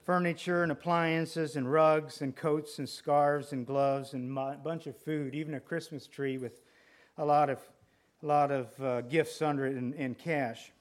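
A male preacher delivering a sermon with a deliberate, emphatic manner, often repeating phrases for effect. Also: a little high, steady tone.

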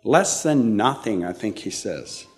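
An older man preaching a sermon, slow and halting, with frequent restarts and fillers. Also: lowish voice, lively intonation, a little mellow, soft background music.

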